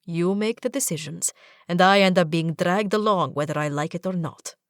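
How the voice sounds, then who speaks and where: A woman's voice: lowish voice, moderate pace, no echo, clean studio sound, lightly acted. A woman voicing a playful, doting young prince who teases in a mock-formal way.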